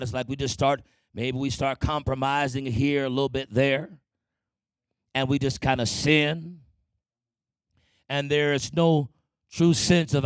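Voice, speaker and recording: A man's voice: medium pitch, gravelly, no room sound. A man preaching a sermon with passion, often acting out prayers and quoted voices. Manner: impassioned, acts out prayers and quotes in shifting voices.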